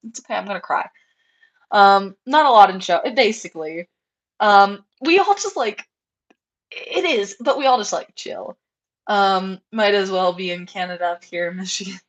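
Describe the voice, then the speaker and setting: A young American woman chatting casually on a livestream through a headset, rambling with lots of fillers and asides. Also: medium pitch. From United States. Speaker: livestream host, rabbit breeder.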